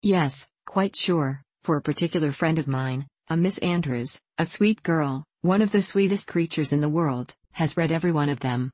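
A gushing young lady from a storybook who heaps extravagant praise on her friends, as a woman reads her aloud. Her voice sits low for a woman and sounds close and dry. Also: moderate pace, few pauses, darkish tone, no echo. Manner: effusive and gushing. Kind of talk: audiobook character reading.

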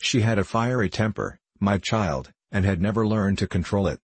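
A man reading an audiobook, voicing a patient mother who speaks in a measured, gently admonishing way. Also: on the low side, husky, no echo. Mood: grave.

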